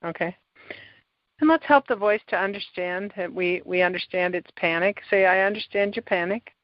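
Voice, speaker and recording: A woman hosting a podcast, calmly guiding a client through a tapping session step by step. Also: medium pitch, moderate pace, no echo. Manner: calm, coaching, gives step-by-step prompts. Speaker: tapping practitioner and podcast host. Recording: dull, lo-fi sound.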